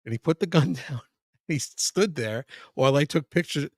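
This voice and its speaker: A man's voice: a little high, lively intonation, normal speed, darkish tone, no room sound, clean studio sound. A man, a podcast guest, telling a long story in casual chat, profane and full of restarts. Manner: rambling, profane, frequent restarts.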